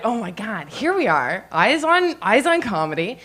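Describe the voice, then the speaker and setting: Young woman doing stand-up, high voice that bounces all over, giggly and bubbly. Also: big pitch swings, unhurried, hardly any pauses, bright, forceful tone. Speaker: stand-up comedian. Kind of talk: stand-up comedy set. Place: comedy stage, live audience.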